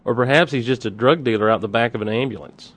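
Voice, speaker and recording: A man's voice: medium pitch, quick pace, fairly bright tone. Wry joking man on a podcast. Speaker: podcast co-host. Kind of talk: casual fan podcast chat.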